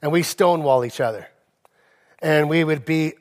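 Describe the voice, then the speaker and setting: A male pastor delivering a sermon, telling personal stories with emphasis and slowing down on key phrases. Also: a little high, animated. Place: church sanctuary. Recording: long reverb of a church hall.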